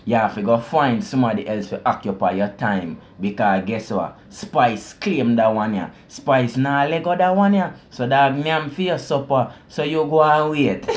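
A man with a Jamaican accent talks through a song in relaxed reaction-video commentary. His voice sits at an ordinary middle pitch, and he stays lively and chatty, breaking into patois explanations and easy chuckles. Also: moderate pace. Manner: animated, explains lyrics in patois, chuckles often. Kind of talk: casual commentary.

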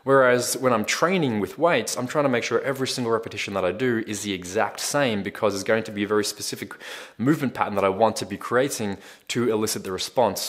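A man, a fitness coach, answering viewer questions in a casual, explanatory way, with frequent ums and repeated words. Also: fairly low pitch.

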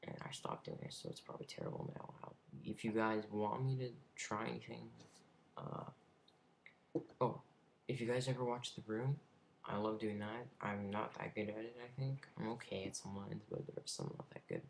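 A man's voice: lowish voice, fairly even intonation, normal speed, vocal fry, a little hiss or hum. A young man vlogging casually, rambling and hesitant with many fillers. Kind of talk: casual vlog.

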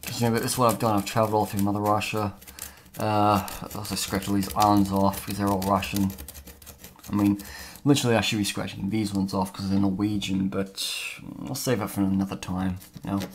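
Low-ish guy rambling thru a vlog while scratching a map, lots of ums, bit of hiss behind. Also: level tone, fairly quick. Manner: rambling, chatty, many fillers. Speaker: travel vlogger.

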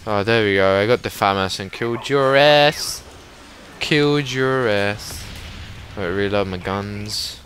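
A young man giving excitable live commentary over a shooter game, sometimes swearing at it. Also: on the low side, normal speed, hardly any pauses, slight background noise. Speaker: gaming commentator.

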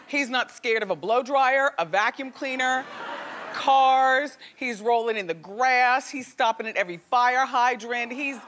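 A woman hosting a talk show, chatting and gossiping to a live studio audience with lively exclamations. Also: a little high, a little slow, a little hiss or hum.

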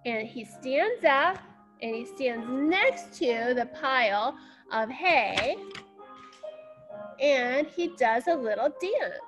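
A woman's voice: high-pitched, over music. A woman ballet teacher telling a fairy tale to young children and guiding them through dance steps with counting. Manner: slow, animated storytelling with counting instructions. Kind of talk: storytelling dance class for children.

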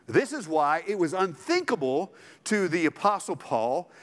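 A man from the States, preaching an animated, emphatic sermon with joking asides. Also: a little high, measured pace, big-room sound. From Southern United States. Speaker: pastor. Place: church sanctuary.

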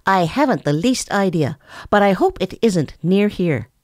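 A woman's voice: mid-range voice, expressive, a little slow, darkish tone, dry recording, clean studio sound, voice pushed up, close to an everyday voice. A sniffy, scornful bear cub, put on by a woman. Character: sulky young male bear cub.

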